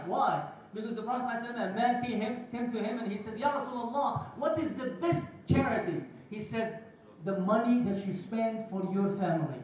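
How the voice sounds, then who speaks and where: A male preacher delivering a Friday sermon, telling stories, acting out dialogue and mixing in religious terms. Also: extremely high pitch. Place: large mosque prayer hall. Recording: very echoey hall, distant mic, faint noise.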